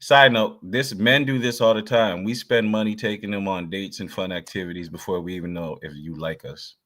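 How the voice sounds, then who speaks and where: Man, podcast co-host, earnest and preachy, lowish voice, casual chat. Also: steady tone, brisk, a bit bright. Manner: earnest, preachy advice with repeated "you know what I'm saying".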